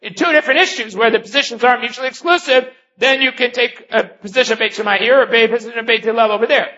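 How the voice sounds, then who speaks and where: A man's voice: extremely high pitch, quick pace, bright, forceful tone. A man giving a daily Talmud lesson, explaining each point step by step and weaving in Hebrew and Aramaic terms. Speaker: Talmud teacher. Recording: dull lo-fi recording.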